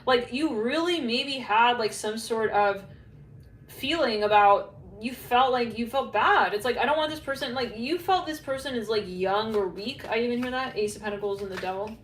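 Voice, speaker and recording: A woman giving a casual, rambling psychic tarot reading, full of fillers and quick asides, sometimes laughing at herself. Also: fairly high pitch. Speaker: tarot reader. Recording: echoey room, faint background hum.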